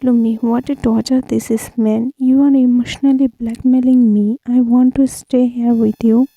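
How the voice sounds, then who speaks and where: A woman's voice: a little high, flat delivery, normal speed, dark tone, dry recording, rough recording. A woman voicing a caring, protective young woman friend who fusses and insists, read for a spoken fanfiction story. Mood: insistent.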